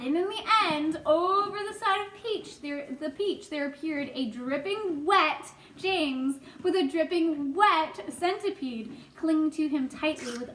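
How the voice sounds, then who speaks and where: A woman reading a children's book aloud in a gentle, expressive way. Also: high-pitched. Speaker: storyteller. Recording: echoey room, faint noise.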